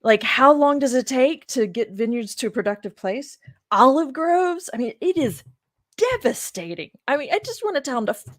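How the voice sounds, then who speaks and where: Her voice sits high and sing-song at a moderate pace as this religion professor casually comments on a scripture reading. She sounds emotional, exasperated, and blunt, recorded dry in studio quality.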